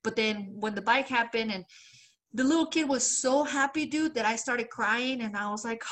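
Fairly high-pitched and fairly bright, this podcast co-host speaks at a moderate pace. She spins a long, casual story, performing the voices of the people she quotes and laughing a lot, with loose swearing and filler throughout.

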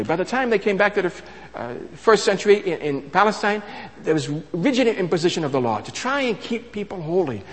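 A man's voice: fairly high pitch, big-room sound. A man preaching a sermon in a conversational teaching style, asking rhetorical questions and restarting phrases.

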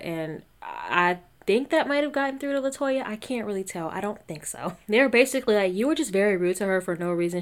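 A woman giving a casual, gossipy recap of a reality show, often quoting the cast in lively put-on voices. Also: medium pitch. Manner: chatty, gossipy, quotes the cast in animated voices.

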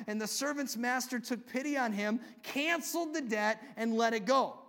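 A man preaching a sermon, reading scripture and talking conversationally, moving between loud excitement and hushed asides. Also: extremely high pitch, normal speed, hardly any pauses. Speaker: pastor.

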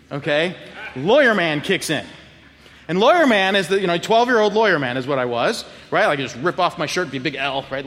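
A middle-aged man preaches with a high, lively voice, swinging widely in pitch as he tells a story. He laughs often and acts out the lines of each person. His voice rings with the long reverb of a church hall. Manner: animated, laughing, acting out quotes. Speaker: pastor. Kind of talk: sermon storytelling. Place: church sanctuary.

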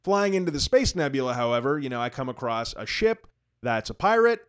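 A man chatting casually on a gaming podcast. He rambles, restarts his thoughts and pokes fun at himself, often breaking into laughter. His voice sits at an ordinary middle pitch. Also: sing-song, a little fast, smooth. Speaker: podcast co-host.

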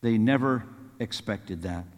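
A man's voice: on the low side, unhurried, long reverb tail. A man preaching a sermon, earnest and rising to fervent pleading as he quotes scripture.

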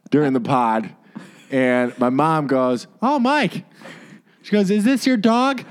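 A man, co-hosting a podcast and ranting heatedly with lots of swearing. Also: a little high. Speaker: podcast co-host.

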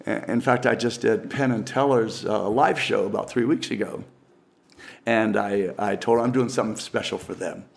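A man's voice: on the low side, normal speed, gravelly. An older man, a professional magician, telling stories casually in an interview, rambling with frequent restarts.

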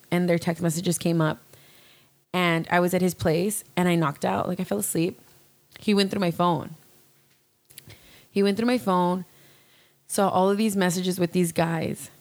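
A woman's voice: lowish voice, darkish tone. A young woman in casual chat, telling a personal story candidly with lots of fillers and restarts. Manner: candid, rambling, fillers and swearing.

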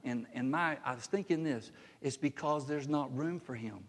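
A man preaching a sermon as a pastor, emphatic, with his pitch climbing sharply when he voices the words he quotes. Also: moderate pace. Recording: long hall reverb.

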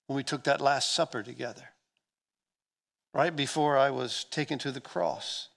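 A man delivering a sermon in an earnest preaching voice of middle pitch. He swells to loud, pressing passages and drops back to soft, intimate ones. He often stumbles and repeats words as he builds. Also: moderate pace, vocal fry. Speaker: pastor.

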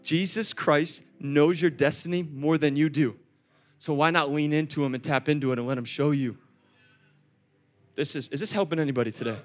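A young man preaching a sermon, animated, swinging between loud calls and soft asides and talking straight to the congregation. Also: on the high side, moderate pace, soft background music. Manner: acts out quoted voices, chats with the congregation. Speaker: pastor.

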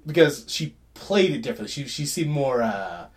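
A man co-hosting a casual movie discussion, animated and halting with frequent restarts. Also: medium pitch.

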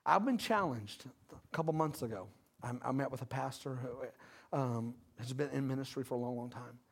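A pastor in his thirties preaching a lively sermon, calling out to the congregation. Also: mid-range voice, normal speed, gravelly, husky. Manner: animated preaching with call-outs.

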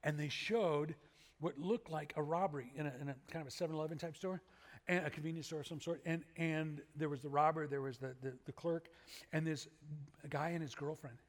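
Male pastor, slightly higher voice, conversational preaching style with loud bursts and quiet asides; long hall reverb. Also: steady tone, fairly quick. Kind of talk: sermon.

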